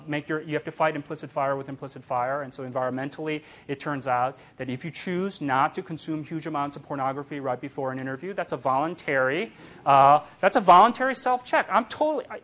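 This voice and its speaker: Guy lecturing to a crowd, kinda high voice, animated, keeps going "right?". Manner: animated, emphatic, frequent "right?" tags and fillers. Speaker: speaker giving a public talk. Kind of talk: lecture with audience.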